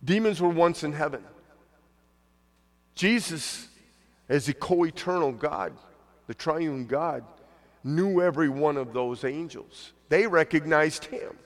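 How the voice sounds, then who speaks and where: A man's voice: fairly high pitch, expressive, takes it slowly, long pauses, big-room sound. A man preaching a conversational sermon as pastor, now and then acting out the voices of the people he quotes.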